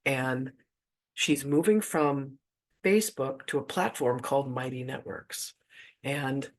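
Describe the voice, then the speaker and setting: A man telling a personal spiritual story in a casual, chatty way, full of "like" asides. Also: medium pitch. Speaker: spiritual teacher.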